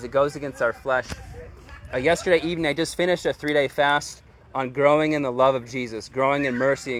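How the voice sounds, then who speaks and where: A pastor with a medium-pitched, slightly bright voice delivers a loose, conversational sermon. He's informal and chatty, leaning heavily on "like" and "dude."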